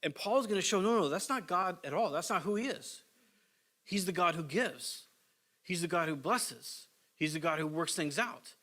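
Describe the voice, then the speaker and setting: A man's voice: high voice, lively intonation, normal speed, bright, forceful tone. A middle-aged male pastor preaching a sermon in a conversational, storytelling way, acting out the quotes he tells.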